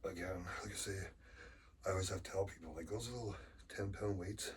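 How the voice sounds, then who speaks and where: A man's voice: deep voice, steady tone, fairly quick. A middle-aged man with a lingering cold, rambling casually and swearing during a home workout vlog. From Canada. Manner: rambling, chatty, swears casually, sighs between sets. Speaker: arm wrestler vlogger. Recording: far from the mic with faint ambient noise.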